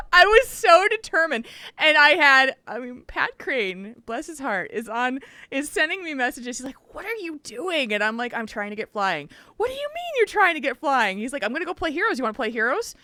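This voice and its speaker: A woman's voice: high-pitched, normal speed, no echo. A woman co-hosting a casual gaming podcast, telling a story with lots of laughter and acted-out quotes. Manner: animated storytelling, laughs often, acts out quotes. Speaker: podcast co-host.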